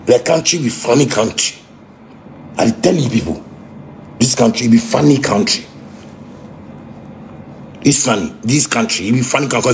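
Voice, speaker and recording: A man with a Ghanaian Pidgin English accent ranting angrily, heated and repetitive, sometimes shouting. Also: mid-range voice, a little hiss or hum. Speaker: musician ranting on a livestream. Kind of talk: angry unscripted rant.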